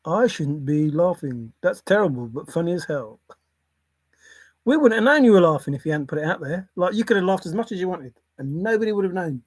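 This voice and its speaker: Older host with a lively, swooping voice. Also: mid-range voice, fairly quick, dry recording. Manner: rambling, irreverent, swears casually. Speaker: livestream host reading chat. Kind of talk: casual rambling livestream chat.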